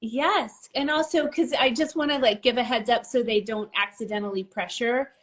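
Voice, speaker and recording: A woman chatting casually on a phone live stream, agreeable and quick with supportive replies. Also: fairly high pitch, fairly bright tone. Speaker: livestream guest. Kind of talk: casual chat.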